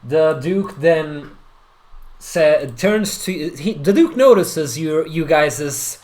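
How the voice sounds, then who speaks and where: A man's voice: a little high, lively intonation, slow, darkish tone. A man narrating as the game master of a tabletop game, chatty and often restarting his sentences. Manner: chatty, hesitant, with many restarts. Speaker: dungeon master.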